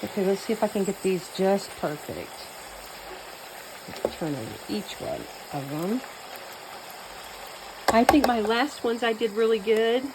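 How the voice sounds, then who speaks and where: Medium-pitched and measured, with frequent pauses, a cooking vlogger talks casually over background noise while she cooks. Her Southern US accent comes from a New Mexico birth and a mostly Texan upbringing, and her talk rambles with many fillers and restarts.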